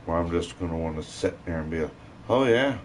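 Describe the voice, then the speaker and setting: A man's voice: extremely low pitch, completely flat delivery, quick pace, darkish tone, a little hiss or hum. A man ranting bitterly to his live stream, full of cursing and rambling complaints.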